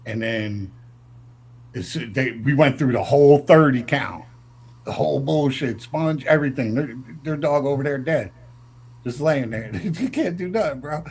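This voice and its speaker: A man's voice: mid-range voice, measured pace, a little mellow, slightly rough. A man from the northern United States telling profane stories in a brash, swaggering way, acting out quotes in a raised voice. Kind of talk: profane storytelling.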